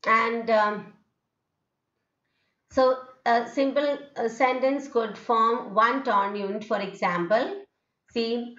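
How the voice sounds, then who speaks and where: A woman's voice: on the high side, slow, a bit bright. Indian English woman lecturing in an echoey room. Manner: explanatory, repeats examples with rising and falling tones, frequent okays and fillers. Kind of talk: recorded lecture on intonation. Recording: echoey, dull lo-fi room sound.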